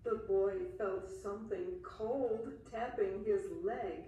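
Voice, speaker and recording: A woman reading a children's story aloud in a slow, expressive way. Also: mid-range voice, distant mic. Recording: echoey room, a little off mic.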